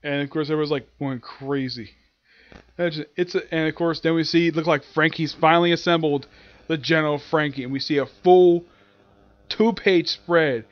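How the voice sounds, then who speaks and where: A young man casually recapping a comic chapter, excited and slipping into quick voices for the characters. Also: on the high side, dry recording, lo-fi sound. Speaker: anime and manga reviewer.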